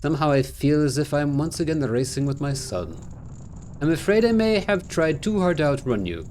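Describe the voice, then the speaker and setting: A man reading out the lines of a polite, formal old plant-creature butler from a video game, slowly and plainly. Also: a little high, lively intonation, a little mellow, slight background noise, natural voice.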